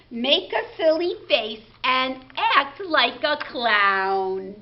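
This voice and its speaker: Lively sing-song children's librarian, woman. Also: sits high, highs cut off. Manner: sing-song, animated, slow and clear for little ones. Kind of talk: baby story time, rhymes and songs.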